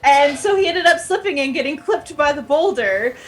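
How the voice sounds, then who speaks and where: A woman co-hosting a live stream, recapping a tabletop game in a relaxed, hesitant way. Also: high-pitched, moderate pace, noisy background. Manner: relaxed, hesitant, with fillers and laughs. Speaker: co-host and player. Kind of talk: casual livestream chat.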